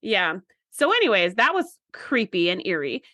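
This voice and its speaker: A woman co-hosting a podcast in casual chat, animated and acting out characters' lines. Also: mid-range voice, moderate pace, no echo. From United States. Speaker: podcast co-host.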